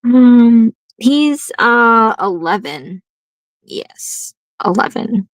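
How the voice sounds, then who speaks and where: A woman's voice: fairly high pitch, lively intonation, extremely slow, no echo, poor audio. A woman hosting a nail art livestream, chatting casually in a rambling way and laughing often.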